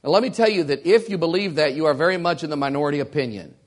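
A pastor, a man, preaching with emphatic, deliberate delivery. His voice sits a little higher than most men's, and he leans hard on his key lines, repeating them for weight. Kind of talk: sermon.

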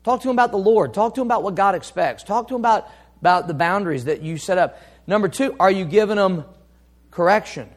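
High-voiced preaching pastor, man. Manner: emphatic preaching, rising and dropping for effect, reads scripture slowly. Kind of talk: sermon.

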